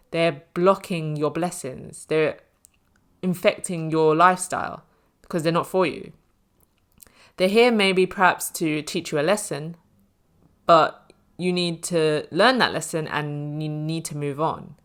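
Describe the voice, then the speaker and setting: A woman's voice: sits low, fairly bright tone. A woman talks through a tarot reading in a casual, chatty way. She keeps it reassuring and loose, and fills her sentences with "you know" and "like". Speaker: tarot reader.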